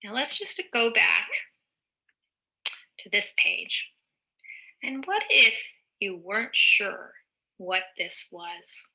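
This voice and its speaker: A woman teacher reading a picture book aloud to young children, slowly and encouragingly, stopping to explain words simply. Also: medium pitch, animated, gravelly, sharp tone.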